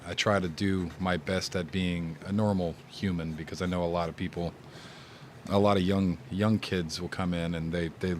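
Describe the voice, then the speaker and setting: A gaming streamer with a low voice hands out casual advice, rambling in a laid-back way and often repeating himself. There's a slight hiss or hum in the audio.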